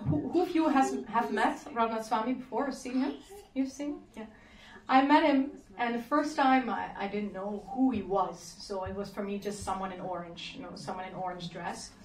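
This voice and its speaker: A woman's voice: on the high side, moderate pace. A woman teaching a devotional class in English, telling a story in a chatty manner and laughing often. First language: Dutch. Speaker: class speaker. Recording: roomy, distant lecture mic.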